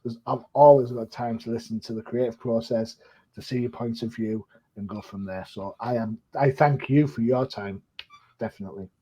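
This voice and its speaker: With a husky, dark, mid-range voice and fairly even intonation, this older man hosts a podcast at a moderate pace. He's chatty, self-deprecating and full of fillers in a casual chat, and the sound is dull and lo-fi.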